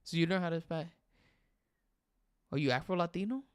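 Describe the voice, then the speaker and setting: A man's voice: fairly high pitch, moderate pace, smooth, dry recording, clean studio sound. Chatty bilingual young man streaming live. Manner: animated, chatty, switches between English and Spanish. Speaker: livestream host. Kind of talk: casual livestream chat reading viewer comments.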